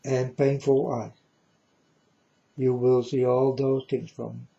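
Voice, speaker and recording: A man's voice: medium pitch, flat delivery, slow pace, vocal fry, mellow, dull audio. A man giving a preachy monologue in broken, non-native English, emphatic and repetitive, often asking if the listener understands. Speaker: speaker addressing viewers.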